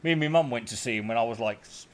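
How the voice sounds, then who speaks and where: A man hosting a livestream, rambling loosely with fillers and restarts in a mid-pitched voice. A faint noise runs behind him. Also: racing. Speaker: livestream host. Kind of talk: casual chat.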